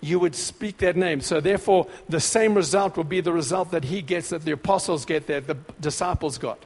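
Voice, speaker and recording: Preaching at a fairly quick clip, a notably high-voiced man piles up punchy, repetitive exhortations that swell louder and more excited. His sermon echoes with the long reverb of a large hall.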